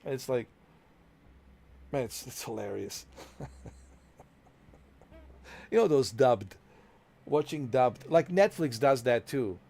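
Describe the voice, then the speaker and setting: A man's voice: mid-range voice, animated, slow pace, creaky, pauses often, a little mellow. A man commentating casually over a story game, joking about dubbed films and laughing often. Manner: joking, mimics foreign accents and dubbing, laughs often. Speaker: gameplay streamer.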